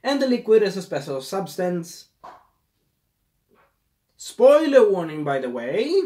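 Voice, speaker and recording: A man's voice: sits high, very animated, normal speed, darkish tone. A man casually reviewing a movie, rambling and losing his train of thought, with a scratchy throat.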